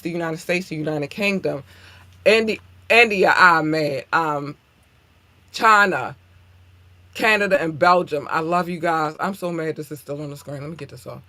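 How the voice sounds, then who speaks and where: Outspoken woman podcast host, lots of um's and cussing, tense bright voice, dry close mic. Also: deep voice, moderate pace, no room sound. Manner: animated, blunt and profane, with frequent fillers. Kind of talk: casual solo podcast talk.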